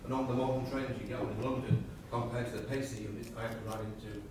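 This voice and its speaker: A man in the audience asking a rapid, animated question from the floor, recorded from far off in an echoey, noisy room. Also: mid-range voice.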